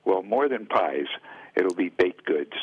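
A man's voice: low voice, expressive, measured pace, no room sound. A man from Oregon, a guest on a radio show, speaking hesitantly with many fillers and restarts. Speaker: guest, dance caller. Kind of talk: casual radio interview. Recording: dull radio line.

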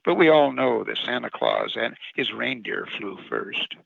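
A man's voice: on the low side, wildly swooping pitch, measured pace, gravelly, no room sound, highs cut off. A man reading a short story he wrote, with wry, sardonic narration, as a radio commentator. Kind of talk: reading his own short story aloud.

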